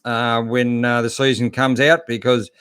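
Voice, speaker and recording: A man's voice: mid-range voice, little pitch movement, a little slow, a bit bright, smooth, no room sound, clean studio sound. A middle-aged Australian man hosting a live-stream chat, laid-back and chatty, greeting viewers and answering their questions with plenty of fillers. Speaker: host.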